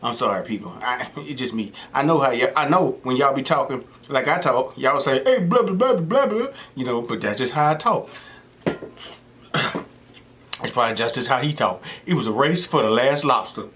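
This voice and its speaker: A man's voice: mid-range voice, moderate pace, noisy background. A young man chatting casually on his eating show, telling stories and mimicking the people he quotes. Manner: animated storytelling, mimics voices of people he quotes. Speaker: mukbang host. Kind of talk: casual chat while eating.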